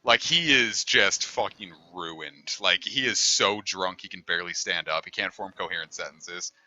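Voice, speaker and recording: A man's voice: low voice, moderate pace, bright, forceful tone, lo-fi sound. A man streaming a game, telling a long story in a rambling, easygoing way and swearing casually. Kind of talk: casual storytelling over gameplay.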